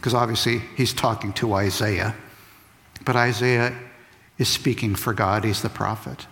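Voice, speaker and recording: Gravelly guy teaching bible to kids, chatty and lively, big hall echo. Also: lowish voice, measured pace. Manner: lively, conversational, acts out quotes. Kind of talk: animated Bible lesson for kids. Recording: long reverb of a large hall.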